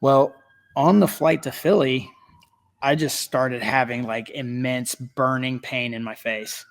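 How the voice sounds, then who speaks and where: Speaking slowly, a middle-aged podcast guest with a mid-range voice recounts a story in easygoing conversation. He's lively and talkative, breaking into laughter and sprinkling in plenty of fillers.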